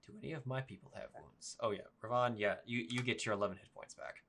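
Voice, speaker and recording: A man narrating as dungeon master of an online tabletop game, halting and full of ums and restarts. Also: medium pitch, fairly bright tone.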